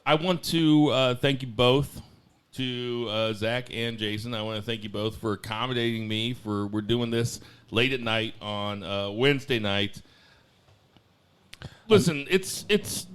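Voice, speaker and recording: A man in his thirties hosting a wrestling podcast, chatting in a relaxed way with a few restarts. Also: mid-range voice, clean tone. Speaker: podcast host. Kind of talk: casual wrestling podcast chat.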